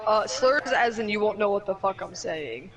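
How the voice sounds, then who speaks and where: A man's voice: high voice, normal speed, a crowd in the background, rough recording. A man chatting casually with friends during a game, teasing and blunt. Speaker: gaming friend. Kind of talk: casual gaming chat.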